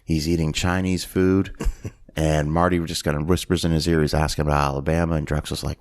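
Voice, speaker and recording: Male host, 30s, very low voice, lively scene-by-scene recap with impressions. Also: fairly quick. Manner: animated retelling, acts out lines in voices. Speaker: podcast host. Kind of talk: casual movie recap chat.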